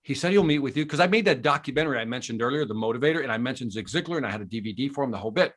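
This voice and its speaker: A man telling a story as a guest on a podcast, animated and enthusiastic, in casual conversation. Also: medium pitch, racing. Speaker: podcast guest, sales trainer.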